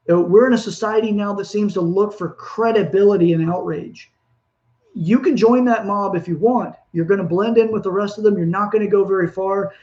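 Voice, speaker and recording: A male podcast host gives a self-help talk, speaking earnestly in a rambling motivational monologue full of restarts. His voice is high and warm, and the recording is muffled.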